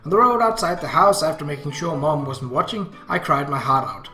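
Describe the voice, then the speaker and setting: A man reading a visual novel aloud, narrating in a measured, earnest way. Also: a little high, animated, sharp tone. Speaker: reader. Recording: roomy echo, faint guitar music.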